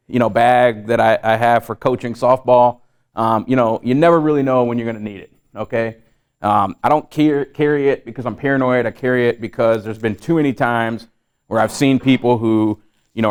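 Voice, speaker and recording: Male safety instructor, mid-pitched and smooth, casual and filler-heavy delivery to a live class. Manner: conversational, many fillers and repeats. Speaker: safety trainer. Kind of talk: live training talk.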